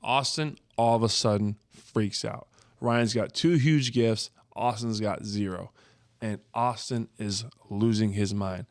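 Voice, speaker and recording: A young man hosting a casual podcast chat with his brothers, telling a family story with lively, shouted impressions. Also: lowish voice, unhurried, no room sound, studio quality. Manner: animated storyteller, jumps to screaming impressions. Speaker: podcast host.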